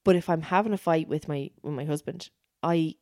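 A woman talking on a podcast, low-pitched and chatty, leaning hard on her points. The sound is dry and close, with no room around it. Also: fairly quick, darkish tone, no room sound. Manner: chatty, emphatic, repeats herself. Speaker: podcast co-host. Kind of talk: casual chat.

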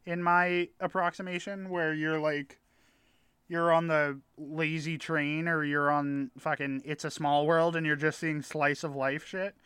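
A man's voice: a little high, little pitch movement, unhurried, fairly bright tone, clear, resonant tone, no room sound. A man telling a rambling story in casual chat with friends, swearing now and then. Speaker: podcast co-host telling a story.

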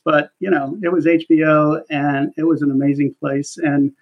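A chatty man talks through his career in a relaxed interview, lively and full of fillers. His voice sits a bit high for a man. The audio is dull and lo-fi. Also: normal speed, creaky, hardly any pauses. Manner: chatty, animated storytelling with laughs and many fillers. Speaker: market research executive. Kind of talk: casual interview conversation.

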